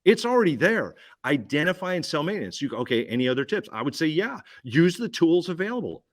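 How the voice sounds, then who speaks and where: A man giving an energetic business pitch at a roundtable, punchy and repetitive, firing questions at the listener. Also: fairly quick. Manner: punchy, repeats key phrases, asks listener questions. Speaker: guest speaker.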